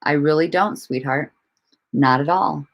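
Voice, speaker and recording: Greeting and answering viewers during a casual home livestream, this host rambles, restarts, laughs often, and swears without restraint. Her deep, gravelly voice moves at a measured pace.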